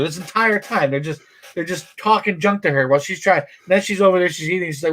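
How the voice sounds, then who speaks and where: High-voiced man animatedly retelling a story. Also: fast talker. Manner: animated retelling, acts out the quoted lines. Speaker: comic book show co-host. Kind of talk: casual live-stream chat.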